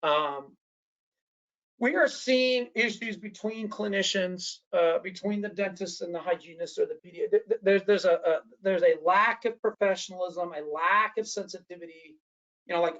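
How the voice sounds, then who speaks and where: A man's voice: high voice, normal speed, fairly bright tone, lo-fi sound. A man presenting a training workshop in a lecture style. He talks animatedly, often restarts his sentences and acts out the voices of the people he quotes.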